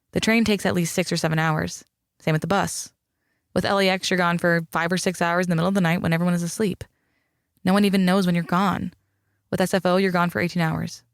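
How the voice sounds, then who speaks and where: A man's voice: high-pitched, fairly even intonation, brisk, gravelly, smooth, dry recording. A man reading a wry young woman coroner. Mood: explaining. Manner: dry, teasing banter.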